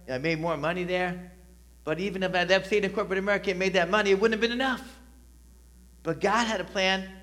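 A man's voice: a little high, a bit bright. A middle-aged man preaching a sermon to a church congregation, talking conversationally with emphatic rises and frequent "right?" asides. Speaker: pastor. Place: church sanctuary.

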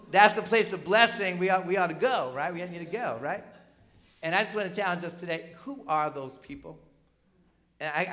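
A middle-aged man from New Jersey preaching a sermon in a conversational, animated way, full of asides and tag questions. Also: on the high side. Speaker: pastor.

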